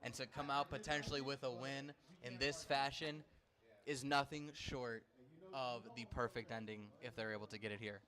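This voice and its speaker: A man of ordinary pitch gives earnest, emphatic analysis on a live football broadcast. He sums up the game as the color commentator. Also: steady tone, moderate pace, pushed and bright.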